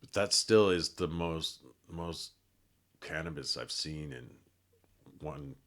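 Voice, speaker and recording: Very deep-voiced laid-back man. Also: animated, slow, fairly bright tone. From Colorado. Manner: laid-back, rambling with fillers and restarts. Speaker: podcast guest. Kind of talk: casual storytelling.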